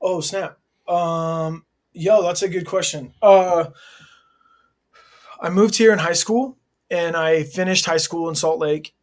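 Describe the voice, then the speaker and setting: A man's voice: on the high side, fairly even intonation, takes it slowly, pauses often. A man in his forties, a hardcore vocalist being interviewed, talking candidly in a laid-back, earnest way full of slang fillers. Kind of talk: candid casual interview talk.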